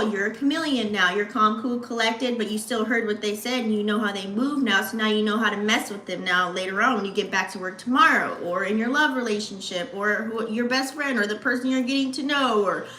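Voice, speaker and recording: A woman's voice: fairly high pitch, bright, forceful tone, a little hiss or hum. A woman hosting an astrology channel, giving a casual, slangy reading and talking straight to her viewers. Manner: slangy, chatty, addresses viewers directly. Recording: echoey room.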